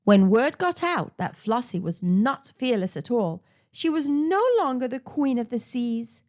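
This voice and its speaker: Woman, children's storybook read-aloud, high animated voice, unhurried, muffled lo-fi sound. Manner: expressive, playful. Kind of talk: picture book read-aloud.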